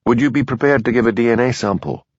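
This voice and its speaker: A man voicing a calm, stubborn police sergeant with a Scottish Highland accent who questions people quietly and persistently. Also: fast talker, no room sound, highs cut off, lightly acted. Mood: questioning.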